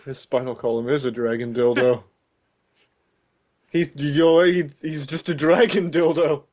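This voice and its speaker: A man's voice: on the high side, fairly even intonation, slow pace, darkish tone. A young man co-hosting a casual chat, telling crude stories in a joking way. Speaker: podcast co-host.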